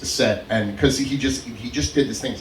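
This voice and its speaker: A man's voice: medium pitch, moderate pace, background noise. A young adult man doing stand-up at an open mic, telling stories and laughing through them. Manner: animated, laughs through his own stories. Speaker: stand-up comedian. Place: comedy club stage. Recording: roomy club sound, mic at a distance.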